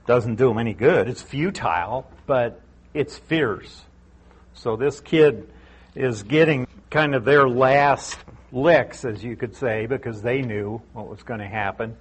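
A man's voice: mid-range voice, a little slow, slightly rough. A middle-aged man teaching through a Bible passage verse by verse, speaking conversationally and repeating key points for emphasis.

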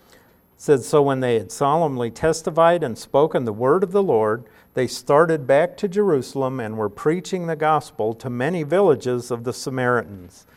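Man, Bible teaching, steady mid-pitched voice, explanatory, deliberate emphasis. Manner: explanatory, careful, slows to stress key words.

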